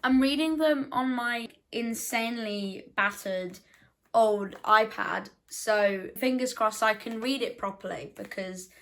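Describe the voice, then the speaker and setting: A young woman talks casually to her camera. Her voice sits a little high. She is chatty and self-deprecating and keeps slipping in quick, defensive asides. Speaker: book vlogger.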